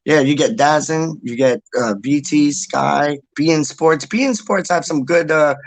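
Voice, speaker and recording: Here a livestream host goes through viewer comments in casual chat, looping back over points and cursing in passing. He has a fairly high pitch and a measured pace, recorded with no room sound.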